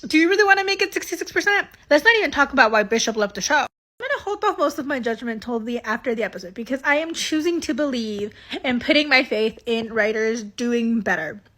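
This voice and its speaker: A woman's voice: a little high, expressive, fast talker, sharp tone. A woman hosting a casual reaction video, chatty and emotional, swearing and laughing as she comments.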